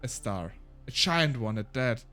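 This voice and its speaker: A man's voice: mid-range voice, expressive, a little slow, sharp tone, faint music behind. A man streaming a game, chatting casually and reading its text aloud, laughing often and tripping over his words.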